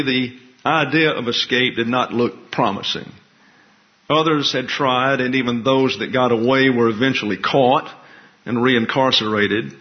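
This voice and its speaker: Man reading history, dull lo-fi audio. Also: medium pitch. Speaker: presenter. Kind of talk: reading a prepared history talk. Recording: dull lo-fi recording.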